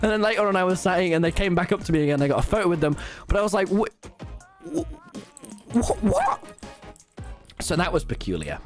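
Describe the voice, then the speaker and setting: A young man, telling stories excitedly on a live stream, swearing often and breaking into laughter. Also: high-pitched, very fast, soft background music. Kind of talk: casual live-stream storytelling.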